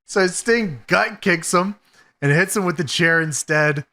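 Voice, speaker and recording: A man co-hosting a podcast, calmly narrating a match play by play and laughing often. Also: sits high, measured pace. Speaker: podcast co-host. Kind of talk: casual podcast chat recapping a wrestling match.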